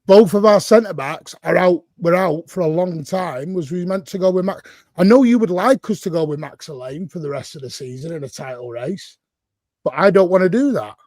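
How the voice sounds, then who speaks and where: A man on a football panel argues with blunt exasperation, pushing back hard on his opponents. His voice sits a little high. The sound is dry and close, with no room around it. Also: animated, fairly quick, a little mellow, dry recording. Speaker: podcast panelist. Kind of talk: heated football debate.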